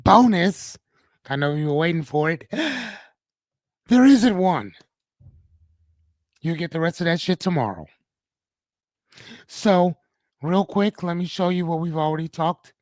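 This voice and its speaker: A man's voice: on the high side, no room sound. A man hosting a live-streamed motivational talk, speaking casually, swearing freely and often checking in with "right?". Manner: casual, profane, keeps asking "right?".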